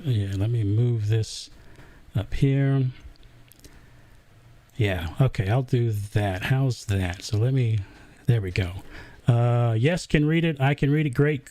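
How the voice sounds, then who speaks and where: A man's voice: fairly high pitch, darkish tone, dry recording. Southern guy rambling through a live q&a, lots of uhs, dry close sound. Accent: Southern American. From American South. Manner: chatty, halting, lots of uh fillers. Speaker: host. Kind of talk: casual livestream chat.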